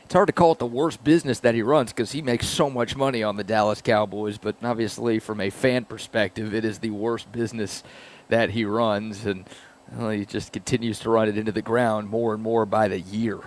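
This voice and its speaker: Male sports talk host, lower voice, dry wry banter. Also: steady tone, fairly quick, a little hiss or hum. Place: radio studio.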